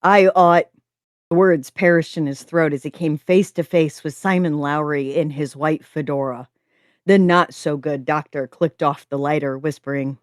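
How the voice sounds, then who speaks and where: A woman co-hosting a writing prompt stream who chats excitedly, giggles, talks with her mouth full and reads stories aloud. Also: low-pitched, moderate pace, dry recording, clean studio sound. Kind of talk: casual chat and reading stories aloud.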